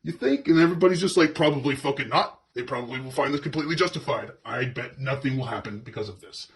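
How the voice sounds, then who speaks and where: A man's voice: mid-range voice, fast talker, slightly rough. A man playing a crude, foul-mouthed police officer, ranting sarcastically and profanely as he comments on video footage. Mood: sarcastic.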